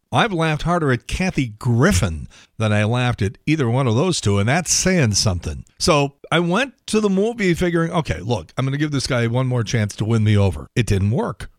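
Ein Mann mittleren Alters, der als Podcast-Moderator unverblümt und meinungsstark vor sich hin schimpft, mittlere Stimmlage, trockene Aufnahme ohne Hall. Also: male voice, medium pitch, clean studio sound. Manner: blunt, opinionated, grumbling rant with swearing. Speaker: podcast host. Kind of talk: casual monologue, movie review.

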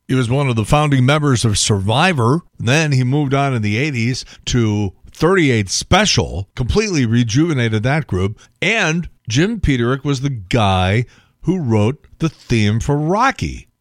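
A man's voice: medium pitch, no room sound, clean studio sound. A man hosting a talk radio show, chatting in a wry, blunt way with some swearing. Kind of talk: casual talk radio monologue.

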